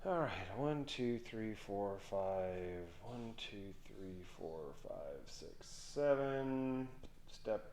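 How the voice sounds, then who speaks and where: Slow-talking dad counting dice aloud. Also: male voice, on the low side, expressive. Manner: counts dice and moves aloud in a quiet mutter. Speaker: father playing a tabletop game with his son. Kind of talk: casual tabletop game play.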